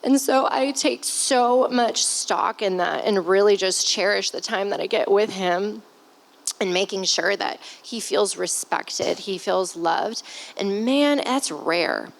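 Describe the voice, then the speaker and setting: A woman's voice: medium pitch, takes it slowly, creaky, low-quality recording. A woman in her thirties speaking candidly as a stepmother on a podcast, heartfelt and close to tears, with sighs and the odd swear word. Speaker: stepmother guest on a family podcast. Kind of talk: candid conversational talk.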